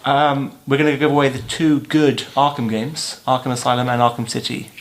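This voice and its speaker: Fast-talking podcast host, dry. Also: male voice, medium pitch, fairly even intonation. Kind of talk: casual chat, announcing a giveaway.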